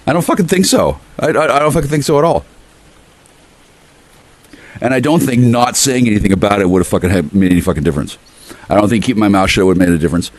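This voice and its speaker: A man ranting on his porch in a rambling, profane monologue that veers between loud outbursts and quiet muttering. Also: deep voice, dry recording. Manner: profane, erratic, shifts between ranting and murmuring. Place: outdoors on a porch.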